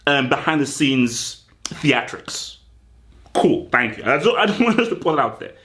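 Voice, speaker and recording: A football channel host with a medium-pitched voice delivers an animated, comedic mock team talk. Ranting like a pep talk, he addresses the players directly, swinging between loud and slow.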